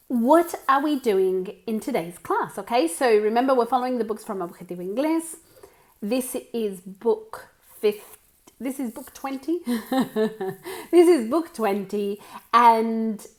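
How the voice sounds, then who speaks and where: An Australian woman teaching English to Spanish speakers in an online lesson, explaining vocabulary patiently, often checking in with "okay?" and switching into Spanish. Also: a little high.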